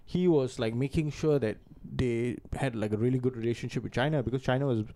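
A man co-hosting a casual podcast, blunt and opinionated, swearing freely. His voice is mellow and relaxed, sitting in a middle pitch. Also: a little fast, slight background noise. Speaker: podcast co-host. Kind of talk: casual chat.

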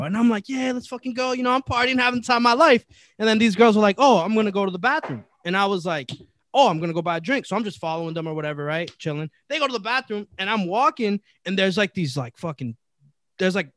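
A young man in his twenties telling a story among friends, animated and profane, saying "bro" constantly. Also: high-pitched, no room sound.

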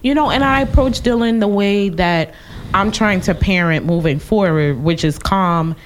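A woman's voice: medium pitch, normal speed, slight background noise. A woman in casual podcast chat, passionate and argumentative, swearing freely. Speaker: podcast co-host.

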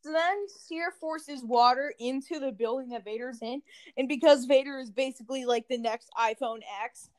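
Brief: female podcast host, high bright pitch, rambling jokey recap, casual. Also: moderate pace, rough recording. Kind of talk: casual game review chat.

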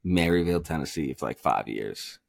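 A man from Massachusetts hosting a podcast, chatting casually and telling profane, animated stories. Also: a bass voice, moderate pace, vocal fry, slight background noise. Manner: profane, animated storytelling with frequent laughs. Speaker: podcast host.

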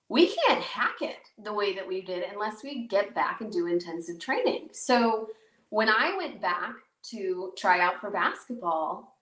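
A woman podcast host from the Chicago suburbs telling a personal story in a casual, animated way, full of fillers and acted-out quotes. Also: mid-range voice, far from the mic. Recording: roomy echo, voice a bit off-mic.

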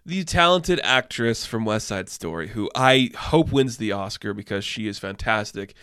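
A man hosting a casual movie news show, talking with excitable enthusiasm and frequent swearing. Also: medium pitch, smooth, dry recording, studio quality. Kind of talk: casual entertainment news commentary.

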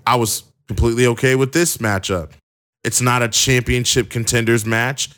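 A man's voice: mid-range voice, fairly bright tone. A young man recapping a wrestling show in a casual, chatty way with plenty of fillers. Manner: chatty, many fillers and restarts.

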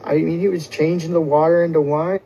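A man's voice: fairly high pitch, flat delivery, fairly quick, creaky, mellow, muffled recording, a little hiss or hum. A man telling a profane, rambling first-person comic story in a casual way, full of fillers. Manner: crude, profane, casual, full of "you know".

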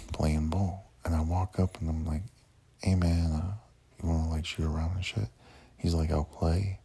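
A man's voice: low-pitched, level tone, normal speed, dark tone, breathy edge. A man casually telling a rambling, profane story about his day, full of fillers and restarts.

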